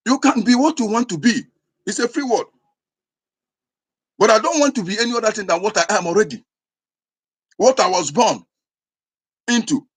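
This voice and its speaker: Husky man with an Igbo accent. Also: sits high, lively intonation, normal speed, pauses often. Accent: Igbo Nigerian. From Igbo land, Nigeria. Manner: forceful, repetitive, emphatic. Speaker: speaker. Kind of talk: impassioned monologue.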